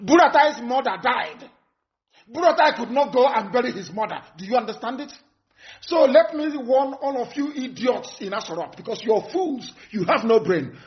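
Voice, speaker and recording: High-voiced man issuing threats. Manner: threatening, emphatic, repeats warnings. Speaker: movement leader. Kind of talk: live broadcast address. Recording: dull lo-fi broadcast audio.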